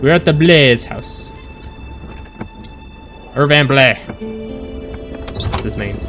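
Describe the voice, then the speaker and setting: A man's voice: mid-range voice, animated, takes it slowly, over music. A man casually commentating his gameplay, chatting with his live chat and joking around. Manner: chatty, talks to live chat, jokey mock accents. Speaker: let's play host.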